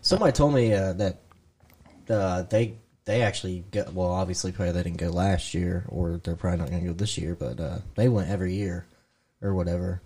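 A man's voice: low voice, fairly even intonation, fairly quick, darkish tone, breathy edge. A man hosting a casual podcast, joking around and swearing freely. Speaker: podcast host. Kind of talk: casual chat.

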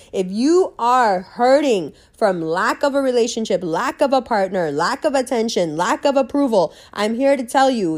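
A woman with a New York accent, her voice sitting a little high. She talks in a brash, profane, animated way, acting out quick bits of dialogue as she hands out blunt advice. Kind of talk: blunt monologue giving life advice.

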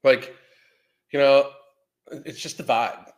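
A man's voice: mid-range voice, fairly even intonation, takes it slowly. A man hosting a live podcast, rambling casually, swearing often and greeting chat viewers by name. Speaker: podcast host. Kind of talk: casual livestream commentary.

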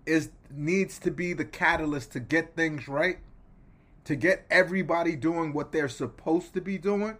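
A man co-hosting a basketball podcast, talking emphatically in a casual, animated way and pausing mid-thought. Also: a little high.

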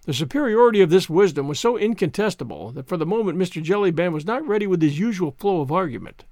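A man reading a classic novel aloud as an audiobook narrator, with an expressive storytelling delivery. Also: sits high, fast talker, few pauses, no echo, studio quality.

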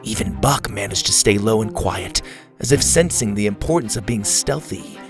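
A man narrating a children's adventure storybook with a steady, expressive reading. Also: on the low side, normal speed, creaky, music in the background.

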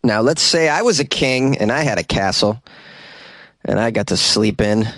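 A man's voice: on the low side, expressive, normal speed, a bit bright, dry recording. Sarcastic man riffing on the news. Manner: sarcastic, rambling asides. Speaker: comedy news host. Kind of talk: comedic news commentary. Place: small closet at home. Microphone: close home mic with plosive popping.

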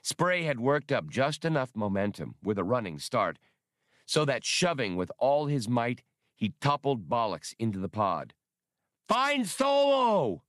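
A man narrating an audiobook with an expressive, lively reading. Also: mid-range voice, normal speed, no room sound, studio quality.

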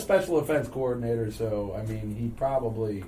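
A man hosting a casual podcast, telling stories with frequent loud laughter. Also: medium pitch, brisk, few pauses. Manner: loud laughing, animated storytelling. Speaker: podcast host. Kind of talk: casual chat. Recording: distant mic, faint noise.

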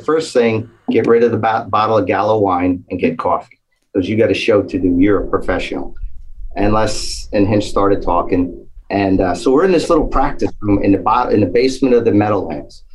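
A man telling a lively anecdote in casual conversation, acting out the quotes. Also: on the low side, rough recording. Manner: animated storytelling, acts out quotes. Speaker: storyteller, former police officer.

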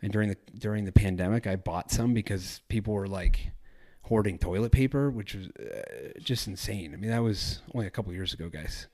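A man's voice: fairly low pitch, fairly quick, few pauses, darkish tone. A man hosting a travel podcast, chatting casually in a rambling, self-correcting way. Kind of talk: casual solo podcast talk.

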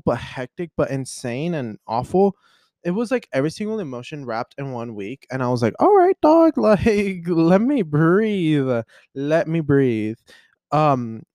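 Animated rambling young man, dry sound. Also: mid-range voice, dry recording. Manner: rambling, self-interrupting, excitable. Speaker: podcast host. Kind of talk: casual solo chat.

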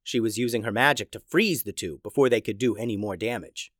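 A man hosting and narrating a children's story in a lively, expressive way. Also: lowish voice, a little fast, dry recording, studio quality. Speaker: storyteller host.

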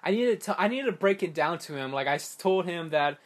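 A young man vlogging casually about crypto, animated and exasperated, rambling with many restarts. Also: a little high, fairly quick, hardly any pauses. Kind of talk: casual ranting monologue.

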